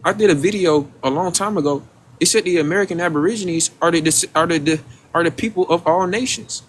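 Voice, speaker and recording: A man with a slightly high voice speaks a little fast, with slight background noise, as he hosts a casual livestream. He speaks straight to his audience using rhetorical questions, and repeated words trip him up when he's reaching for what to say.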